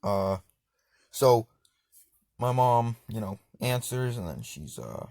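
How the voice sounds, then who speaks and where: A man's voice: mid-range voice, very animated, takes it slowly, gravelly, darkish tone, dry recording. A young man casually telling a personal story over gameplay, rambling and slangy with lots of fillers. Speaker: gaming channel storyteller.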